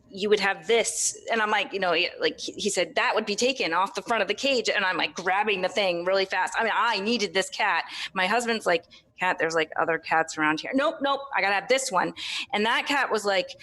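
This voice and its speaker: A woman guest on a podcast, an animal communicator telling relaxed anecdotes. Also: mid-range voice. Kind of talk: casual podcast interview.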